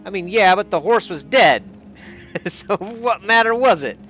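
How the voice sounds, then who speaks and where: A man puts on a shameless drifter with a hillbilly accent for a medieval game. The voice sits well above his usual pitch and drawls in a folksy, brazen way. Faint music plays behind. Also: expressive, a little slow, a bit bright. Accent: hillbilly put-on. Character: shameless whipped male drifter.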